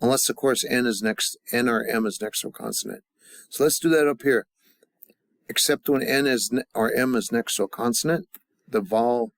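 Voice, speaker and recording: A man teaching a language class, leading the students through call-and-response drills and pausing often with fillers and restarts. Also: medium pitch, expressive, vocal fry, a bit bright, no room sound. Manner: halting, with many fillers and restarts. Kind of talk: classroom grammar lesson.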